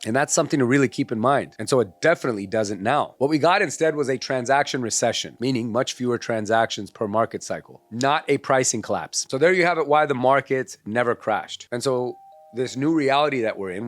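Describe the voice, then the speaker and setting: A man's voice: medium pitch, dry recording. A man, a mortgage advisor giving confident, advisory market explanations straight to viewers. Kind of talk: scripted explainer to camera.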